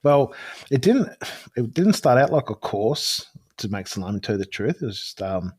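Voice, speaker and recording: A man, a podcast guest, chatting in a laid-back way and quick to laugh. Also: medium pitch, very animated, a little mellow, breathy edge. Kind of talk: casual chat.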